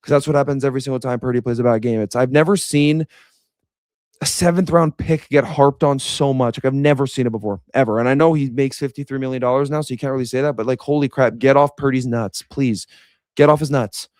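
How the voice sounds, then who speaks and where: A young man giving a blunt, animated reaction rant as a fan commentator. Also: medium pitch, fast talker, no room sound, studio quality. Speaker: sports commentator.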